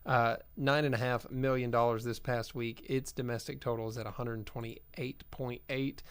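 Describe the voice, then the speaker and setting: A man's voice: medium pitch, flat delivery, moderate pace, smooth. A man co-hosting a movie podcast, reading box office figures in a matter-of-fact, casual way. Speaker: podcast co-host.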